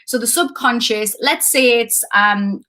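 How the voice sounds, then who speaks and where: Woman, Geordie accent, thirties, slightly high voice, chatty and rambling, live-stream coaching. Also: unhurried, pushed and bright. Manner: chatty, rambling, self-deprecating. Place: at home. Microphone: streaming from home.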